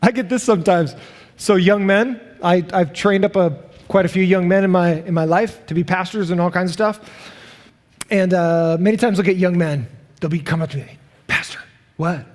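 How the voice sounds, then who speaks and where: A man preaching a sermon as pastor, animated and acting out the voices of the people he quotes. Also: high voice, moderate pace. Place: church sanctuary. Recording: long hall reverb.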